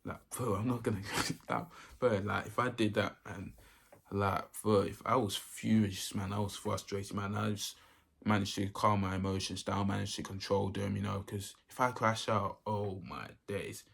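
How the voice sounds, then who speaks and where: A man's voice: on the low side, creaky, fairly bright tone, breathy edge. A young man, telling a story in a casual, rambling way that keeps repeating itself. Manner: rambling, repeats himself often. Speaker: vlogger.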